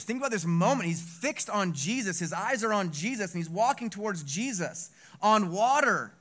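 A man preaching a sermon, retelling a Bible story in an animated way and acting out the lines of the people in it. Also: high-pitched. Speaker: pastor.

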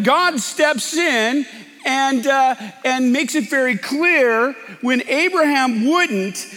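A man's voice: extremely high pitch, pushed and bright, big-room sound. A man preaching a sermon as pastor, talking in a conversational, emphatic way.

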